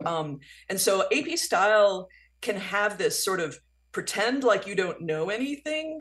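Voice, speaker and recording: A woman author giving animated, talkative answers as a guest in a radio interview. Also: fairly low pitch.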